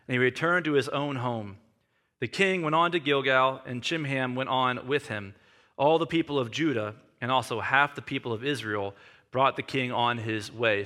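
A man's voice: medium pitch, pushed and bright. A man in his forties preaching a sermon, reading scripture and telling self-deprecating stories in a conversational way. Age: 40s. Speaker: pastor.

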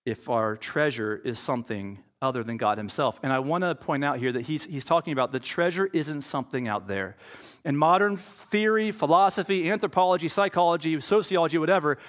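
A man preaching a sermon as pastor. He tells stories in a conversational way and acts out the voices he quotes. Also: on the high side.

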